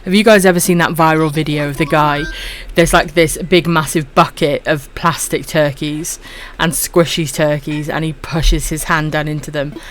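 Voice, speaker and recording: A woman from Wales with a husky voice and a dry throat, chatting casually to viewers while streaming a game and calling them her darlings. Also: deep voice, steady tone, normal speed, noisy background. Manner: affectionate, calls viewers my darlings.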